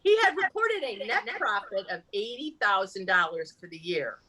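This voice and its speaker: A woman telling jokes to a live audience at a community evening, animated, laughing at her own punchlines and shifting her voice for each character. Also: medium pitch, fairly quick, few pauses, low-quality recording. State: tired. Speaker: amateur comedian at a community event.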